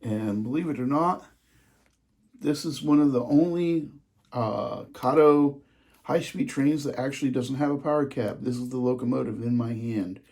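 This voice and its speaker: A man showing off his model trains in a casual vlog, gushing with excitement and dropping into hushed asides. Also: mid-range voice, normal speed.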